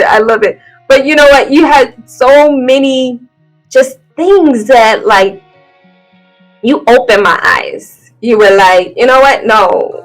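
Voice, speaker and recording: A woman hosts a casual podcast conversation in a high, bright-sounding voice, laughing easily and turning to talk to her listeners directly. Faint music plays underneath. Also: low-quality recording. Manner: animated, laughing, addresses audience as y'all. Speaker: podcast host. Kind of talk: casual interview chat.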